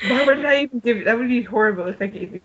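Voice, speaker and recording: A woman's voice: fairly high pitch, a bit bright, highs cut off. A woman in a casual group call who talks in a playful way and giggles often.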